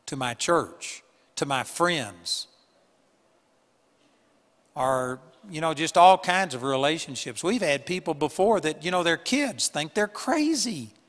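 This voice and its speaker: A man preaching a sermon in an earnest, emphatic way, with sudden loud bursts on key points. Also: on the high side, big-room sound. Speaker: pastor. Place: church hall with a live audience.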